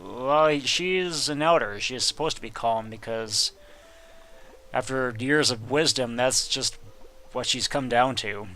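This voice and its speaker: Brief: male let's-play host, bright tone, joking and sarcastic. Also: mid-range voice, measured pace. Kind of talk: gameplay commentary.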